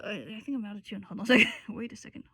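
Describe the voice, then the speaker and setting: Teaching a singing lesson, a woman explains technique with many restarts, slipping into brief sung and spoken demonstrations. Her mid-range voice races along with vocal fry.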